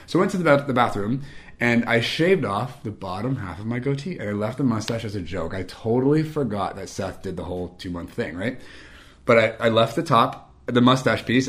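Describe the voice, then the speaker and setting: A young adult man telling a casual, rambling anecdote, animated and self-mocking. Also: mid-range voice. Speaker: storyteller.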